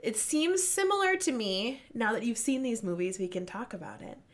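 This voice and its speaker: Animated, swearing woman chatting about books. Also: fairly high pitch, normal speed. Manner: animated, swears freely, retells scenes excitedly. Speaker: book podcast host. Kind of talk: casual chat.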